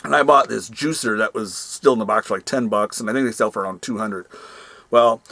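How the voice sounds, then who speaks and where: A man's voice: on the low side, brisk, vocal fry, sharp tone, no echo. Guy vlogging about reselling, rambly with lots of ums, dry close sound. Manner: rambling, many ums and asides. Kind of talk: casual storytelling vlog.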